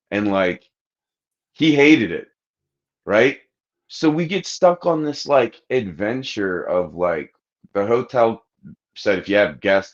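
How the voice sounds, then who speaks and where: Low-voiced man telling a crude story. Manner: crude, rambling anecdote with acted-out quotes. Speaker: podcast host. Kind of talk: casual storytelling chat. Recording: dull lo-fi podcast audio.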